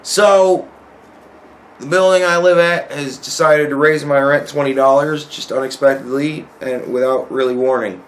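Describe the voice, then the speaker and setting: A young man telling a profane, animated story to camera in a casual rant, his voice climbing when he relives his anger. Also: a little high, moderate pace. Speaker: vlogger.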